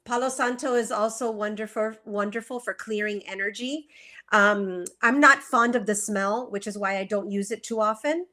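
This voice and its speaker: A woman with a medium-pitched, sharp-toned voice talks at a moderate pace with fairly even intonation. She practices feng shui and explains it earnestly in a conversational interview on a live video call, using many fillers and rhetorical questions.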